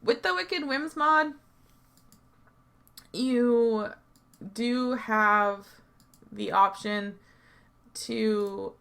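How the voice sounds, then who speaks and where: A tired woman talking through a gaming tutorial in a chatty, rambling way, swearing and laughing freely as she goes. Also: mid-range voice. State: tired, yawning. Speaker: game mod tutorial creator. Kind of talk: casual screen-recorded gaming tutorial.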